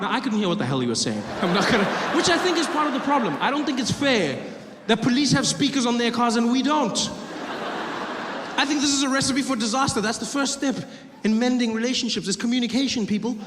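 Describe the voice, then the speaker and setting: A man's voice: extremely high pitch, fast talker, reverberant, in a large hall, background noise. A man doing stand-up comedy, telling a story and acting out the voices and sounds in it. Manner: animated, acts out voices and siren sounds.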